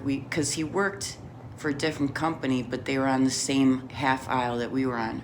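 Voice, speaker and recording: A woman's voice: a bass voice, a little hiss or hum. A middle-aged woman telling a rambling personal story in a casual, profane way, laughing often. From Chicago area.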